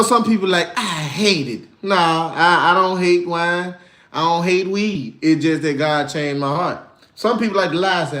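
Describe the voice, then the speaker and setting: A man chatting casually on a livestream, slangy and animated, telling stories and answering viewers. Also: on the high side. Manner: animated, slangy, storytelling with put-on voices. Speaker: livestreamer and musician.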